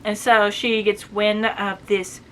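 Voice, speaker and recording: A woman reviewing a book, casually retelling the plot and acting out the characters' lines with quick voice shifts. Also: mid-range voice, little pitch movement, slight background noise. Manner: chatty, acts out quoted lines with quick voice shifts.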